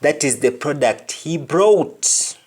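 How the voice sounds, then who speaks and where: A man's voice: fairly high pitch, lively intonation, slow, husky. A man with a Jamaican accent hosting a language lesson. He says each patois phrase and then gives its plain English meaning. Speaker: host.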